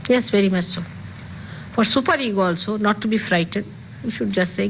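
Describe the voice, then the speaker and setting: A woman's voice: mid-range voice, fairly quick, vocal fry, slight background noise, rough recording. An older woman speaking as a spiritual teacher, giving an emphatic talk to an audience and repeating key phrases.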